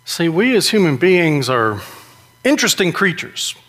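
Man, slightly high voice, preaching, conversational, slows for emphasis. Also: very animated, a bit bright. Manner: conversational, with frequent rhetorical "right?". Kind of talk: sermon.

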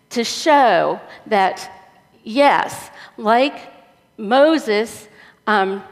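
Slow-speaking woman pastor in an echoing church. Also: a little high. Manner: slow, deliberate, with conversational asides and light humor. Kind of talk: sermon.

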